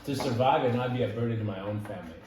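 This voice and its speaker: A man's voice: mid-range voice, racing, background noise. Young man telling stories in an echoey room. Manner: animated, laughs while telling stories, many "like" and "dude" fillers. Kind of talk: casual storytelling conversation. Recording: echoey room, voice from some distance.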